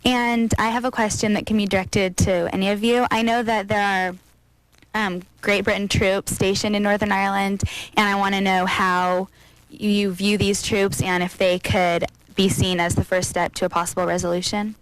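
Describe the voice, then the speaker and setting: A woman's voice: medium pitch, flat delivery, moderate pace, clean tone, no room sound, poor audio. A woman from California, an audience member, politely and a little hesitantly asking the panel a question.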